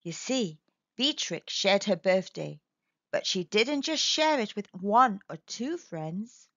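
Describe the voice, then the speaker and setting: A woman's voice: medium pitch, takes it slowly, dry recording. Lilting woman reading a children's story. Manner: expressive, lilting, gentle. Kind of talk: children's picture-book read-aloud. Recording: dull dry recording.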